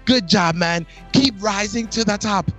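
A man's voice: high voice, a little slow, fairly bright tone, faint music behind. A man hosting a casual wrestling awards chat, playful and exaggerated, swearing freely. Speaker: podcast host giving awards.

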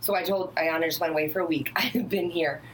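A woman yoga and Pilates instructor chatting casually in an animated, rambling way, laughing often. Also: low voice, fast talker, slight background noise, low-quality recording. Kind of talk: casual chat.

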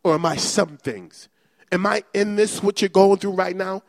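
A male pastor preaching a fervent, repetitive sermon that builds to shouting. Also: high voice, moderate pace, no echo, studio quality.

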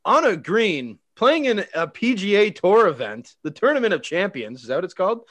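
Joking man with a higher voice. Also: sing-song, normal speed, a bit bright. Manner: joking storyteller, acts out quotes. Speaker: podcast co-host. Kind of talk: casual chat.

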